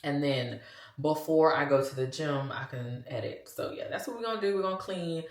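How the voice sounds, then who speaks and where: A woman's voice: low voice, normal speed, echoey room. A woman in her forties with a Louisiana accent, chatting casually to her viewers in a vlog and calling them "y'all". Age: 40s. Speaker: vlogger.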